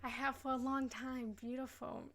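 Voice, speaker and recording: A woman's voice: high-pitched, steady tone, moderate pace, a bit bright. A young woman hosting a live meditation session, talking in a casual, emotional and gushing way and laughing often. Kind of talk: casual live-stream chat.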